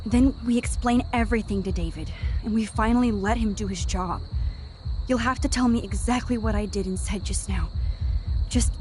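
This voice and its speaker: A woman's voice: medium pitch, moderate pace, a little mellow, faint music behind, lightly acted. A woman voicing an anxious teenage girl who time travels, hesitant and stammering. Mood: earnest. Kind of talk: game voice acting.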